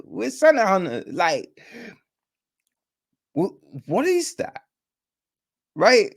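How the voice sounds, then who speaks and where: A man hosting a film review podcast, talking casually with many fillers and swinging from high exclamations to low mutters. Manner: incredulous, rambling, with many fillers.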